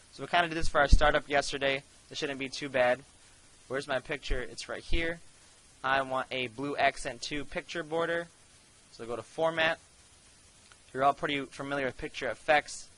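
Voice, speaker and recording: Young male teacher, bright voice, casual step-by-step screencast delivery. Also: on the high side, rough recording. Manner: casual step-by-step instruction, addresses students directly. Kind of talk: screencast software tutorial.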